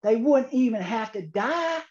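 A man delivers a comic speech, letting the pauses do the work. His voice is unhurried and mellow. It comes through muffled online conference audio. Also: very high voice, lively intonation. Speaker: keynote speaker. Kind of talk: humorous contest speech.

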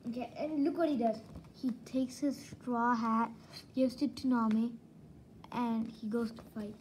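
A woman reviews manga in a casual, rambling way. She talks slowly, with a mellow, relaxed tone and a fairly high voice. She keeps restarting her sentences as she goes. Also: a little hiss or hum, rough recording. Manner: rambling, excitable retelling with many restarts. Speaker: book reviewer.

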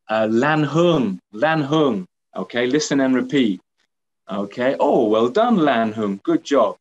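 A man at mid pitch who speaks very slowly and patiently while training teachers. He repeats his points and keeps checking in with his listeners. Now and then he slips into bright, upbeat praise the way a teacher would use it in class. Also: dull audio. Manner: slow, patient, repeats himself, often asks okay?; acts out lively teacher praise to pupils.

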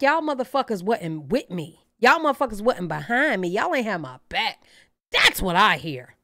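A woman hosting a reaction channel, giving blunt, profane, animated opinions in casual commentary. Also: fairly high pitch, no echo, studio quality.

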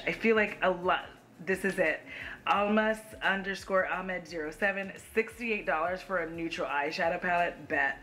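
A woman's voice: lowish voice, moderate pace, a bit bright. A young woman giving blunt, sassy makeup commentary from home, swearing casually. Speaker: beauty YouTuber.

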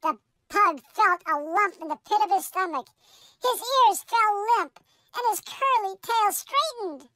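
A performer voicing a pug radio host through a high pitch-shifted effect, reading a storybook aloud in a slow, sing-song way. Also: pushed and bright, no echo, full character voice. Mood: cheery. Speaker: host reading a picture book.

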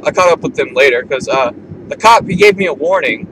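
A man's voice: on the high side, lively intonation, a little fast. A man, telling a rambling, casual story while driving his car. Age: 20s. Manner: rambling, filler-heavy, laid-back. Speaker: vlogger. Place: inside a moving car. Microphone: camera or phone in the car. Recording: loud car road noise. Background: road and engine noise.

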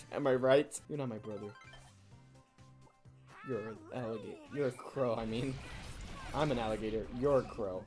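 A woman's voice: a bass voice, a little fast, darkish tone, faint music behind. A young woman hosting a gaming channel, giving playful, jokey, self-mocking commentary over her gameplay.

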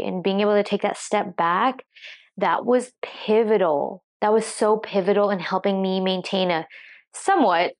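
A woman fitness coach, tearful, speaking reflectively to the camera with halting restarts. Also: mid-range voice. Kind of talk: emotional talk to camera. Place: seated at home.

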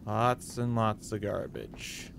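A man streaming a horror game, thinking aloud and breaking into high yells at scares. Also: fairly even intonation, slow, creaky, noisy background. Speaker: gaming streamer. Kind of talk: live gameplay commentary.

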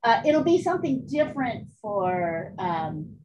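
A woman's voice: fairly high pitch, big pitch swings, a little slow, darkish tone, rough recording. A woman art teacher talking casually through a live online painting class, candid and chatty, cursing now and then.

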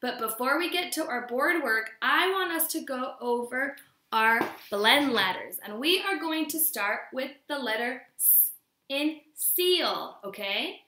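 A woman's voice: sits high, animated, measured pace, pushed and bright. A woman teaching a recorded phonics lesson to young children, sing-song and encouraging as she sounds out syllables. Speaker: kindergarten teacher. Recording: echoey room.

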